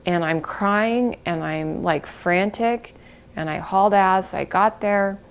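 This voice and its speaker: A middle-aged woman giving an emotional interview, halting and breaking off, sometimes dropping to a whisper. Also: fairly low pitch, fairly even intonation, gravelly, clean tone. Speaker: interviewee, bereaved mother.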